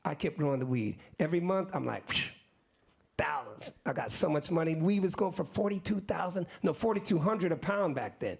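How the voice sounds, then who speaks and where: Gravelly, a little husky, and slightly high for a man, this fifties-aged musician guest's voice moves at normal speed as he spins a long live story in loose slang. He animatedly mimics the people in his tale, quoting their lines, and now and then makes asides straight to the crowd.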